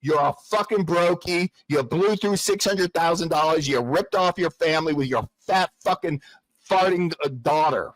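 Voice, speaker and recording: A man's voice: a little high, normal speed, no room sound, low-quality recording. A man arguing aggressively on a livestream, talking over his opponent. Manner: aggressive, shouting over the other speaker. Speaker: debater on a livestream. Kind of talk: heated livestream argument.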